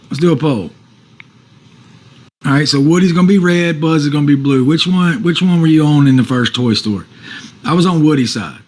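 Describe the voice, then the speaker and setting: A man's voice: on the high side, darkish tone, low-quality recording. A man on a casual livestream, reading out viewer comments and answering them defensively, with some swearing.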